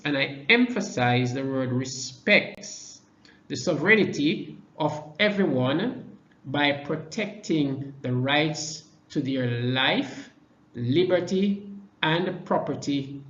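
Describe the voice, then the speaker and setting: A man from Jamaica giving a political presentation to supporters, measured and emphatic, stressing key words with deliberate pauses. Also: on the high side, a bit bright. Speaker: party vice president speaking to supporters. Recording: echoey, dull lo-fi sound.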